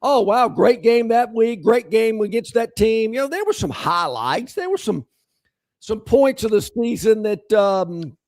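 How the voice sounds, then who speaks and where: Very high-voiced, teasing man co-host. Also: very animated, unhurried, darkish tone. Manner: wry, teasing, folksy interjections. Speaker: sports talk show co-host. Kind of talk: sports talk radio debate.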